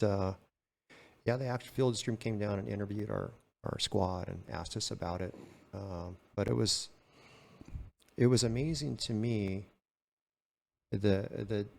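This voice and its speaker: Fairly low, creaky, and a little mellow, the voice belongs to a retired California game warden who is older and appears as a podcast guest. He spins casual stories, performing both sides of each conversation.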